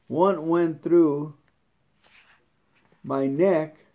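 Slow, deliberate man reading devotions. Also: on the high side, steady tone, dark tone. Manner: slow, deliberate reading that repeats scripture verses; halting and stammering in his own comments. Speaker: truck driver reading a devotional book aloud. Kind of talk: devotional reading with personal comments.

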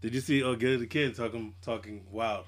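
Animated slangy man telling stories. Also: medium pitch, brisk. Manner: animated storytelling, slangy, acts out quotes. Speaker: podcast co-host. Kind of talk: casual chat.

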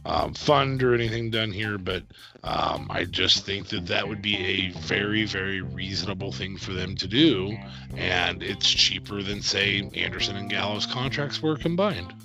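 A man's voice: low voice, moderate pace, vocal fry, music in the background. A man co-hosting a podcast, casual and hesitant, full of fillers as he thinks aloud. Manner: hesitant, lots of um and like. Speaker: podcast co-host.

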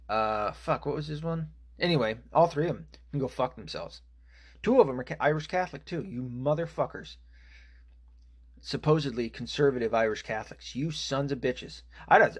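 A man's voice: mid-range voice, breathy edge. A man delivering an angry, profane political rant, full of fillers and restarts. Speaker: political commentator.

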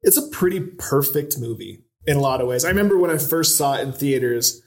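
A man's voice: mid-range voice, lively intonation, brisk. A man co-hosting a casual podcast chat, enthusiastic and rambling with lots of fillers. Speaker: podcast co-host.

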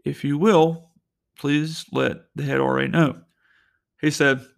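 A man's voice: on the high side, steady tone, takes it slowly, vocal fry. A young man hosting his own podcast, telling stories in a loose, rambling way full of fillers and restarts, talking from a parked car. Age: young adult. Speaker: podcast host. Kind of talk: casual solo storytelling.

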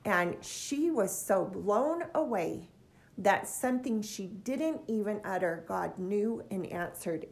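A woman's voice: mid-range voice, a little mellow. Earnest middle-aged woman teaching scripture. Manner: earnest, heartfelt, emotional. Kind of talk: casual scripture commentary.

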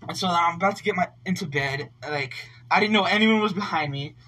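A man's voice: high voice, fast talker, pushed and bright. A young man telling a long story in casual chat, rambling and swearing with constant filler words. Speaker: podcast co-host telling a story. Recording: voice somewhat distant from mic.

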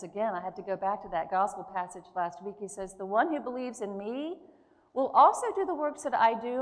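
A woman preaching a sermon in a church, earnest and emphatic, with slow pauses between phrases. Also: sits high. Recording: long hall reverb.

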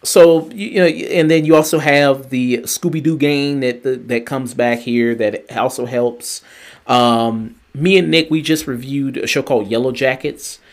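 A man's voice: medium pitch, unhurried. Rambling man chatting about shows. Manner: rambling, animated, swearing, lots of fillers and restarts. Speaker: podcast co-host. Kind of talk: casual review chat.

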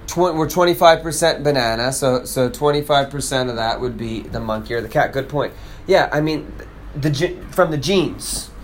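A man's voice: mid-range voice, normal speed, a little hiss or hum. A man in playful casual chat, teasing and repeating words for emphasis, breaking into snatches of song.

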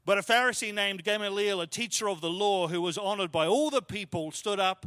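A man's voice: high voice, fairly quick, a bit bright, no room sound. A man preaching a sermon as pastor, explaining scripture in a conversational, emphatic way with lots of repetition. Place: church.

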